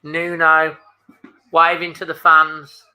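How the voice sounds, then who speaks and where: Bloke on a fan stream, bit high, flat tone, choked up, says stuff twice. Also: male voice, slow. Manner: emotional, holding back tears; casual, repeats phrases. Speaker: fan channel host. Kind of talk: live match watchalong commentary.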